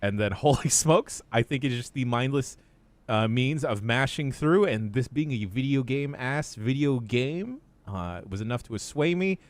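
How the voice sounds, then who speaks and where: A man's voice: medium pitch, lively intonation, measured pace, dry recording. Laid-back podcast host man, dry sound. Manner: laid-back, swears freely, tells anecdotes. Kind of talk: casual chat.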